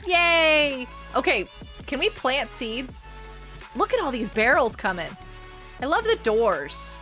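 Excitable high-voiced woman gaming streamer. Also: takes it slowly, faint music behind. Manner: playful, excitable, scolds teammates in mock outrage. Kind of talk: casual gameplay commentary.

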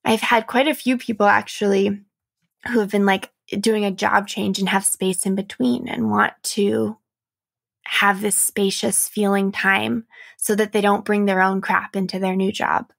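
A young adult woman hosting a reflective solo podcast as a coach, speaking softly and earnestly with light laughs. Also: medium pitch, little pitch movement, unhurried, gravelly.

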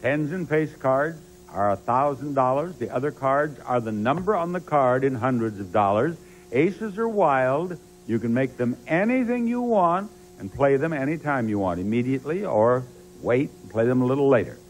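A man's voice: mid-range voice, expressive, moderate pace, a little hiss or hum. A man hosting a television game show, drawing out numbers and addressing the studio audience emphatically.

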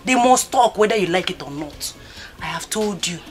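A woman's voice: on the low side, animated, moderate pace, close to an everyday voice. A woman playing a coaxing, caring Nigerian friend. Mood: reassuring. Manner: coaxing, reassuring, mixes in Igbo. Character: cheerful, caring woman comforting her friend. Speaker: actor in a film. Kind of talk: Nollywood film acting. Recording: film audio with faint background music.

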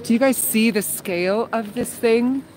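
A woman hosting a live walkthrough outdoors on a suburban street, excitedly exclaiming and talking to her viewers as she walks. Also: on the high side, normal speed. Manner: excited, exclaiming, talks to viewers as "guys" and "dudes". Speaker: livestream host. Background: faint crowd of trick-or-treaters.

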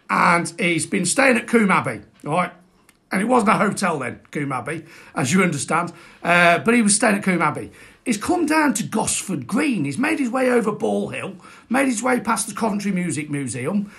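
Man, high voice, gravelly, jokey live history chat. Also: fairly bright tone. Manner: jokey, chatty, greets viewers by name. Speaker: host. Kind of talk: casual live-streamed history talk.

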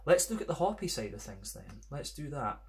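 A man's voice: medium pitch, big pitch swings, fairly quick, a little mellow. A man with a Scottish accent reviewing beer in a casual, rambling monologue, full of "kind of" and "sort of" fillers.

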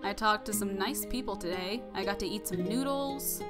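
A woman's voice: mid-range voice, moderate pace, close to an everyday voice. A woman voicing a young boy in a hospital bed, loopy from medication, with a slurred, drunk-sounding drawl. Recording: music playing underneath.

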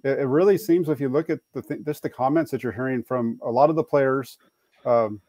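A man's voice: mid-range voice, fairly quick, mellow, dry recording. A man on a sports podcast panel, thinking aloud with hesitant starts and fillers. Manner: hesitant, thoughtful, many fillers. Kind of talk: sports talk.

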